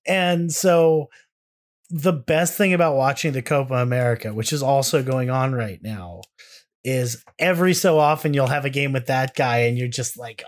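A man's voice: medium pitch, normal speed. A young man co-hosting a podcast, rambling in casual chat with self-deprecating jokes and some swearing. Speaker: podcast co-host.

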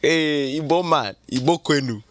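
A man's voice: a little high, normal speed, no room sound, natural voice. A man voicing a jovial middle-aged Nigerian uncle, in a Nigerian accent, chatting on a podcast and tagging lines with "eh?". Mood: hearty. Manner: chatty, teasing, tags "eh?". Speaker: podcast host. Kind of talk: casual podcast chat.

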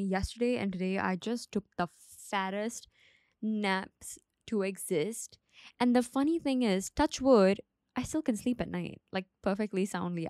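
A young woman hosts her solo podcast, talking in a loose, rambling way full of fillers and asides. Her voice sits at an ordinary middle pitch. It is recorded close and dry, with no room sound. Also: expressive, moderate pace, darkish tone, no echo, soft background music. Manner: chatty, rambling, lots of "like" and asides. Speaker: podcast host. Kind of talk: casual solo podcast chat.

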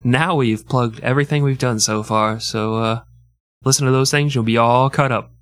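A man's voice: medium pitch, fairly even intonation, moderate pace, no echo. A man hosting a casual, comedic history podcast who jokes crudely and laughs often. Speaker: podcast host.

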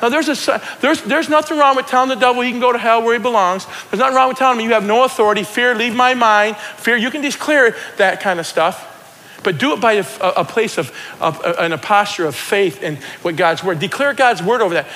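A middle-aged man preaching a sermon, building from casual talk into excited shouting. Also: very high voice, brisk. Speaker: pastor. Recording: long church reverb.

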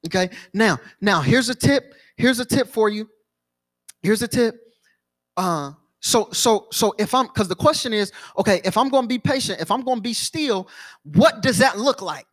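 A man's voice: sits high, lively intonation, moderate pace, a bit bright. A young adult man preaching a sermon, telling a personal story with many repeats and restarts. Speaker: pastor.

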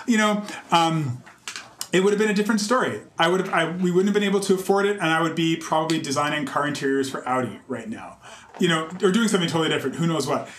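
Canadian guy telling stories in an interview, lots of "you know", slightly high voice, echoey room. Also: slight background noise. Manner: animated, many fillers, acts out quotes in a raised voice. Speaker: interview guest, conductor. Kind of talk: casual conversational storytelling. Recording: roomy echo.

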